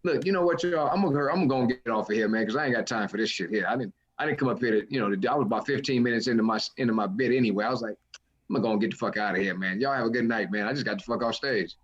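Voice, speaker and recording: A man's voice: medium pitch, racing, lo-fi sound. A man, a stand-up comedian, casually recounting a story about a heckler. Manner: lively, acts out other people's lines. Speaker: comedian co-host.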